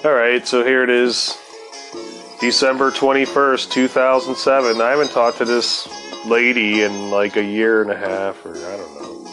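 A man spinning a long personal story in a loose, rambling way, swearing freely and tripping over his words while high. His voice sits at an ordinary pitch, and faint plucked sitar music plays softly behind him. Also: level tone, normal speed. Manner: laid-back, profane, rambling with fillers. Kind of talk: casual storytelling.

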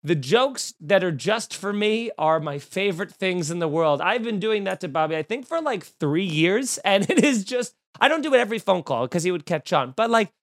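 A man hosting a comedy podcast, telling jokey stories in a casual chat with sudden loud outbursts. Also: sits high, animated, moderate pace, few pauses, dry recording, studio quality. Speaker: podcast host.

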